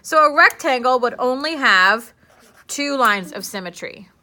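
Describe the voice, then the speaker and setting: A woman's voice: high-pitched, lively intonation, a little slow, bright, forceful tone. A young woman teaching a classroom lesson, chatty and playful, asking her students questions as she works.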